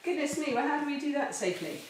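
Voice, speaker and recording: High-pitched and animated, she talks fast while leading a kids' assembly for her chapel in a cheerful, playful way, laying everything out step by step. The home video lesson takes place indoors and on a garden course. Because a helper holds the camera some way off, the audio sounds distant and echoey, with slight noise.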